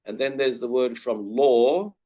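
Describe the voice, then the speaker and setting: A man's voice: mid-range voice, a little slow, mellow. A young man, giving a webinar lecture and carefully modelling the sound of each word aloud. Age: young adult. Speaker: guest speaker teaching pronunciation.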